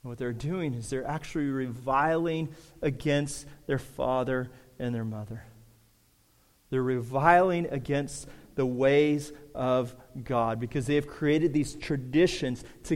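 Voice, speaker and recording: A pastor preaching a sermon, swinging from fervent, raised passages down to quiet, low asides. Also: male voice, long reverb tail.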